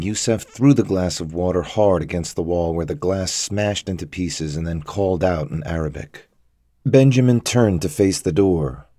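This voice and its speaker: A man narrating a thriller story in a measured, even storytelling manner. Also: deep voice, no echo, clean studio sound. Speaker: audiobook narrator.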